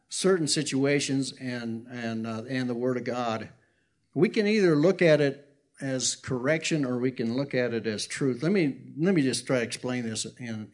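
A man preaching an informal sermon in a conversational way, restarting his sentences and acting out the people he quotes. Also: mid-range voice. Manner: conversational, acts out quotes loudly, self-correcting.

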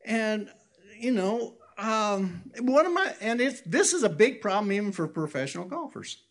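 A man's voice: high-pitched, sing-song, normal speed. A man preaching an informal sermon in a conversational way, restarting his sentences and acting out the people he quotes. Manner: conversational, acts out quotes loudly, self-correcting.

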